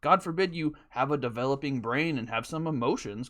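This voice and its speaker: A man's voice: medium pitch, fairly quick, fairly bright tone. A young man hosting a podcast, telling a rambling, profane, self-mocking story in casual chat and laughing often. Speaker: podcast host.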